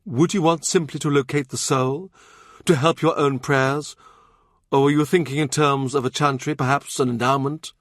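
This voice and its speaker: A smooth, mercenary friar, polite and businesslike, his voice a little raised, as a male narrator plays him. Dry, close audiobook sound. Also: medium pitch, fairly even intonation, moderate pace, a bit bright, no echo, pitched above the performer's own voice, lightly acted.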